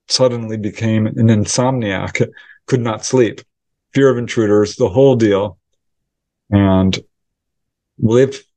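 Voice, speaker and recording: A man, a researcher and author, answering interview questions as a lively storyteller who acts out the voices of people in his account. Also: medium pitch, no echo. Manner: animated storyteller acting out quoted dialogue. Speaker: UFO researcher and author, guest.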